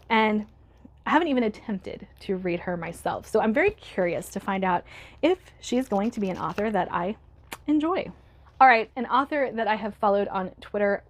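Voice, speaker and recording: A woman vlogging casually about books she bought, chatty and laughing often, her voice worn from being sick. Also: mid-range voice. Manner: chatty, laughs often, reads blurbs aloud. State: recovering from illness, voice starting to go. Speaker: book YouTuber. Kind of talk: casual book haul vlog.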